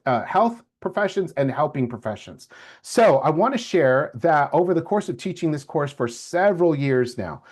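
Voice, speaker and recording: A middle-aged man, a lecturer telling a personal story to his class and acting out the voices of the people in it. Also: a little high. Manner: animated storyteller, acts out quoted voices.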